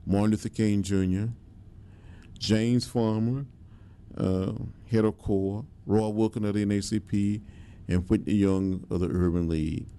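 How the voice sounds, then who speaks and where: An older man, telling his history slowly and with emphasis, pausing on his words. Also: fairly low pitch, dark tone, clean tone. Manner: measured storytelling with emphatic pauses and fillers. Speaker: interviewee, civil rights veteran. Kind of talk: reflective oral history interview.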